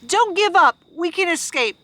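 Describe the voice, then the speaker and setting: A woman's voice: extremely high pitch, lively intonation, normal speed, pushed and bright, no room sound, pitched above the performer's own voice, full character voice. A woman reading aloud voices a bossy, scrappy young rooster in a storybook. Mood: urgent.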